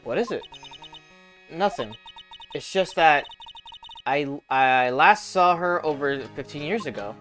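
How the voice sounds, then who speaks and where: A woman's voice: low-pitched, lively intonation, slow, long pauses, fairly bright tone, faint music behind, exaggerated voice. A woman voicing a cheerful young woman medium in a game, chatty and curious. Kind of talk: voicing game dialogue live.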